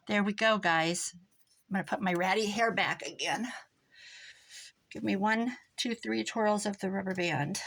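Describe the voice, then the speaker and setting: A woman's voice: medium pitch, fairly bright tone, slight background noise. An older woman hosting a crafting tutorial, chatty and rambling, mocking herself and laughing often. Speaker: crafting video host.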